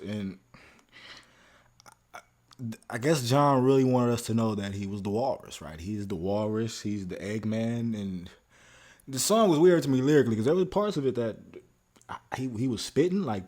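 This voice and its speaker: A young man hosting a music reaction video, talking casually and animatedly to viewers. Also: on the low side. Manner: animated, talks straight to viewers with slang. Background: music playing.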